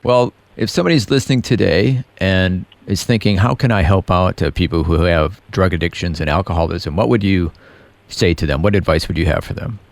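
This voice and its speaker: A male radio host interviewing a guest, calm, with short affirmations as he listens. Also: low-pitched, fairly quick, creaky, no room sound.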